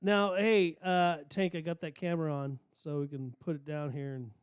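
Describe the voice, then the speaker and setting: High-voiced, smooth-sounding male podcast host. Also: level tone, moderate pace, no room sound, clean studio sound. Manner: loose, profane, stumbles and repeats words. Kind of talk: casual chat. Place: studio.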